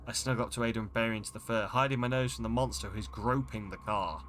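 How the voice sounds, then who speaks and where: A man's voice: on the low side, fairly even intonation, quick pace, fairly bright tone, a little hiss or hum. A man streaming a game, reading its text aloud in a dramatic way and breaking off with startled exclamations. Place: home streaming setup.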